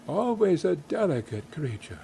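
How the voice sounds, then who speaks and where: A man reading a story aloud and voicing a solemn ghost who speaks quietly and gravely. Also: a little high, big pitch swings, unhurried, slight background noise, heavily acted.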